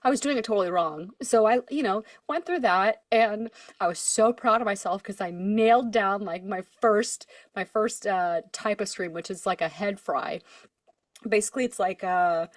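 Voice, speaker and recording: Young woman, singer, podcast co-host, animated storyteller, acts out quotes, dry close sound. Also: medium pitch, normal speed, no echo. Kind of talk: casual chat.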